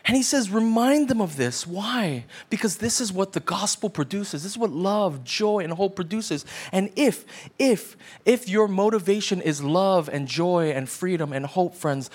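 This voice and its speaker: A man's voice: high voice, lively intonation, moderate pace, hardly any pauses. A man preaching a sermon as pastor, conversational and emphatic, often checking in with his listeners. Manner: conversational preaching with frequent "right?" asides.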